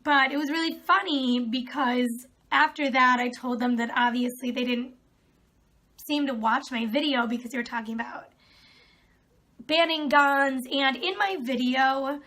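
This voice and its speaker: A woman's voice: high-pitched, unhurried, bright, forceful tone. A young woman vlogging, reading out comments and answering them in a sarcastic, exasperated way. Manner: exasperated, sarcastic, laughs often. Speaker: video creator.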